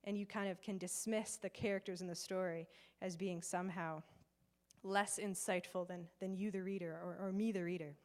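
A woman giving a conversational sermon to a live gathering, chatty and animated, with frequent fillers. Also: fairly low pitch, moderate pace. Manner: chatty and animated, acts out quoted voices, many fillers. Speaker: preacher. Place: in person before a live gathering with slides.

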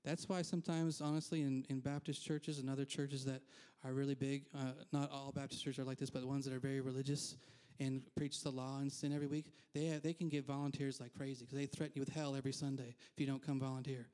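A man's voice: medium pitch, level tone, quick pace, hardly any pauses, mellow, clear, resonant tone. A man preaching a conversational sermon as pastor in a church, candid and self-deprecating, with frequent asides.

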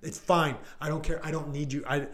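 A man with a fairly high, level voice speaks a little quickly. He's a male police deputy, likely in his thirties, casually recounting a call on a podcast chat, peppering it with "like" and "I go" and acting out what people said.

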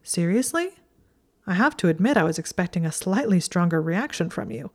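A woman voicing a sardonic teenage boy wizard who talks in quick, mocking retorts, in an audiobook reading. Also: lowish voice, expressive.

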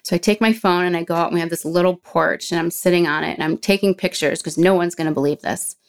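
A woman guest in a casual interview, telling a personal story in an animated way, acting out what people said and slowing down when she gets emotional. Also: on the low side. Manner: animated storyteller, acts out quoted voices, slows down when emotional.

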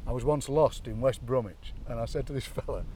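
A man's voice: medium pitch, a little fast, far from the mic, background noise. Chatty Yorkshire man outdoors. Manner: animated storyteller, mimics accents, laughs often. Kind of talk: chatty outdoor walk-and-talk. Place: outdoors by a graveyard.

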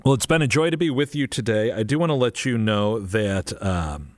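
Male radio host, low and dry, leads prayer earnestly. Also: expressive, normal speed, no echo. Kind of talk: Catholic radio talk and prayer.

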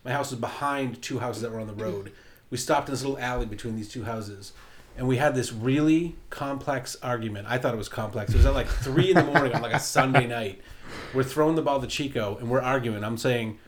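A man's voice: medium pitch, brisk. Easygoing wry man telling a story. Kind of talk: casual chat, storytelling.

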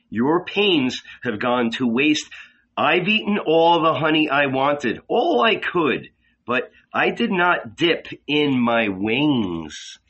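Casting: man playing a compassionate prophet, measured and husky, with a lively pitch. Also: muffled recording, exaggerated voice. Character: calm, gentle male prophet.

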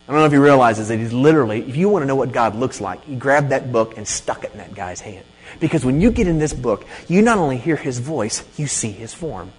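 A man preaching a sermon in a conversational, emphatic way, often checking in with "okay?". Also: mid-range voice. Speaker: pastor. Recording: long hall reverb.

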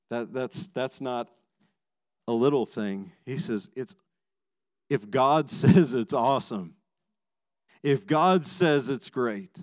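A man preaching a sermon as pastor, emphatic, moving between raised passages and hushed low ones, often repeating words as he starts a sentence. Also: slow pace, long pauses, no echo.

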